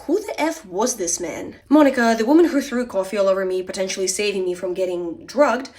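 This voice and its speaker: A woman's voice: medium pitch, expressive, a little fast, darkish tone. A young woman telling a personal story in a casual, candid, confessional way, with lots of filler words. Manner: candid, confessional, chatty with many "like"s.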